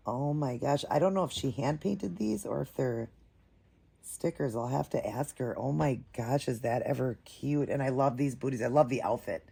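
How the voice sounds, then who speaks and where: Husky, gravelly woman gushing to viewers. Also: a bass voice, a little mellow. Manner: gushing, chatty, addresses viewers as "you guys". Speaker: doll collector vlogger. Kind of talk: casual unboxing chat. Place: home.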